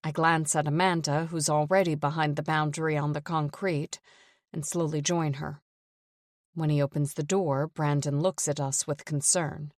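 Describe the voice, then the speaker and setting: A woman narrating a first-person thriller audiobook in a tense, measured way, close to the mic. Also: low voice, steady tone, no room sound.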